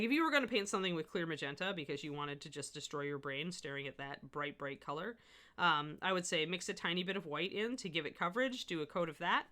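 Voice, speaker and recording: Bright, chatty middle-aged woman. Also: deep voice. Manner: chatty, rambling, laughs often. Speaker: miniature painting instructor. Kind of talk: live-streamed painting demo with chat.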